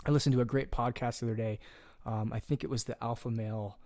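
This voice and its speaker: A man coaching in a relaxed podcast chat, talking in an earnest, direct way. His voice sits in an ordinary middle pitch, and the sound is dry and close with no room echo. He is plain-spoken and now and then drops a casual curse. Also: quick pace.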